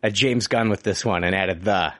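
A man hosting a casual podcast chat, animated and joking, laughing often and swearing casually. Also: deep voice, normal speed, no room sound. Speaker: podcast host.

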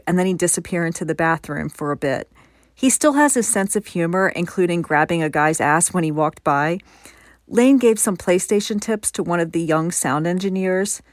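A woman with a fairly low voice narrates a podcast story in a chatty, opinionated way. The recording is dry, with almost no room sound. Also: no room sound. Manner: conversational, gives personal opinions. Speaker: podcast host.

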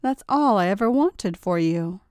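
A woman reading as a gentle, patient stepmother. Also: mid-range voice, lively intonation, measured pace, no echo, close to an everyday voice. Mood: reassuring. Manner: soft, patient and motherly. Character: gentle, reassuring middle-aged stepmother.

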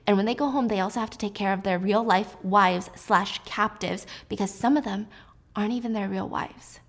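A woman's voice: medium pitch, a little fast. A woman vlogger casually recapping a movie while baking, chatty and playful.

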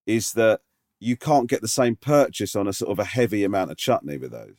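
A man's voice: fairly low pitch, sing-song, fairly quick, a little mellow, no room sound, studio quality. A man co-hosting a podcast in casual chat, teasing and often restarting his sentences. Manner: chatty, teasing, stumbling restarts. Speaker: podcast co-host.

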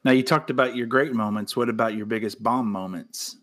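A man's voice: mid-range voice, a little fast, fairly bright tone. A man hosting a podcast, asking the guest questions in a plain, easygoing way. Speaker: podcast host. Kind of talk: interview questions.

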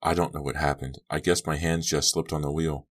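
A pouty, fretful teenage girl from an audiobook, read by a man. She talks in a light, worried way over a very deep voice. It is a plain storybook reading. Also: little pitch movement, a little fast.

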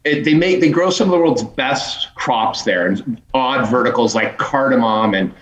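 A man telling stories as a podcast guest in an animated, casual way, laughing often and swearing freely. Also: mid-range voice, normal speed. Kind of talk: casual storytelling. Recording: roomy echo.

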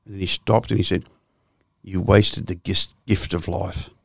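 An Australian man in his sixties tells his story as a guest, swearing freely and restarting his sentences. His low voice has a gravelly edge, and it sounds close and dry with no room echo. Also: steady tone, normal speed. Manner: blunt, profane storytelling with frequent restarts. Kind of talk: candid storytelling interview.

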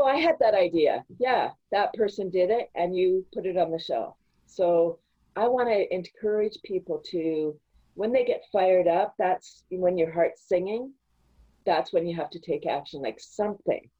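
Woman guest chatting on a podcast, low dark husky voice, kinda muffled lo-fi audio, lively storyteller. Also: measured pace. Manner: animated storytelling with frequent laughs. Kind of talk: casual interview chat.

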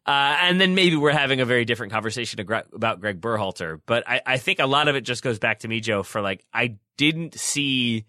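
A man with a bright, forward voice talks through soccer tactics in long, run-on stretches, stumbling over his own words as he goes. He is co-hosting a podcast, and the sound is dry and close. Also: mid-range voice, a little fast, few pauses, no room sound. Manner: long animated run-on talk with restarts. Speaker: podcast co-host. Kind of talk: casual soccer analysis chat.

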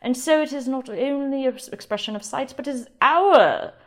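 A woman's voice: sits high, normal speed, pitched above the performer's own voice, natural voice. A woman reading marketing text aloud in a playful, put-on British accent, lilting and theatrical. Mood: mock posh.

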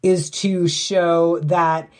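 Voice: mid-range voice, level tone, extremely slow. A speaker in casual conversation, explaining a story's plot and structure fluently. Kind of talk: casual movie discussion.

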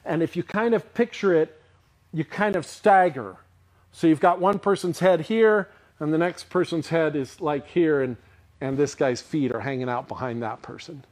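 At normal speed, a pastor whose voice sits on the high side delivers a conversational, animated sermon. He asks the audience questions and paints scenes for them to picture.

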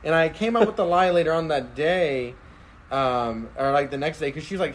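A man's voice: fairly high pitch, normal speed, a little hiss or hum. A young man on a casual podcast, telling a long story in a loose, rambling way, full of "like" and laughs.

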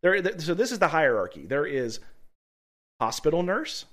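A man's voice: a little high, very animated, normal speed, fairly bright tone. A man co-hosting a podcast, reading news with stumbles and chatting bluntly with plenty of swearing. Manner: blunt, profane, reads news aloud with stumbles. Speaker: podcast co-host. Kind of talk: casual podcast chat.

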